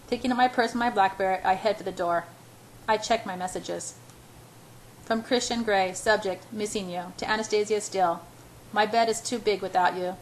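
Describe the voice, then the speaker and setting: A woman's voice: medium pitch, slight background noise, low-quality recording. Woman, amateur audiobook reading, first person, casual, self-corrections.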